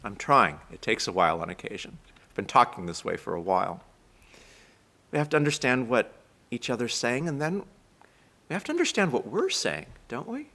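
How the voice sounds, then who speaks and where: An American man gives a conversational sermon from a synagogue, chatty and self-deprecating. He talks fast, at a middle pitch. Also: sharp tone. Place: synagogue sanctuary, live stream.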